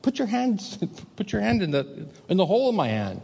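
A male preacher quoting Jesus in a gentle, pleading voice during a sermon. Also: high voice, wildly swooping pitch, a little fast, creaky, breathy edge, voice pushed up, full character voice. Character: Jesus, gentle forgiving grown man. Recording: long hall reverb.

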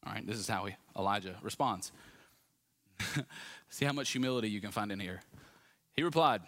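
A man preaching a sermon in a lively, conversational way with asides to the congregation. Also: lowish voice, moderate pace, long pauses. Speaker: pastor.

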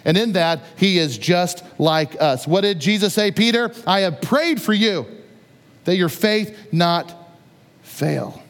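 A man preaching a sermon as a pastor, conversational and animated, retelling scripture with playful asides. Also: sits high, slow, long reverb tail.

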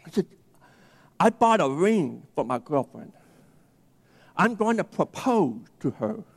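A man's voice: a little high, sing-song, slow pace, vocal fry, breathy edge. A man preaching a sermon, telling a personal story and acting out the dialogue. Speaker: pastor. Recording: long hall reverb.

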